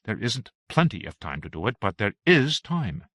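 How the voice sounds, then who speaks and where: Man reading a calm lady captain, steady and firm, bright dry sound. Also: lowish voice, moderate pace, no room sound. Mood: resolute. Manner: steady, firm, quietly commanding. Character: calm, resolute female starship captain.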